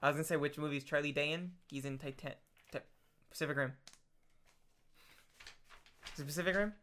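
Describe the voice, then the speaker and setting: Podcast co-host: a man with a bright, fairly high voice who is curious and quick to laugh. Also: fairly even intonation. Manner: curious, questioning, laughs easily. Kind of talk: casual chat.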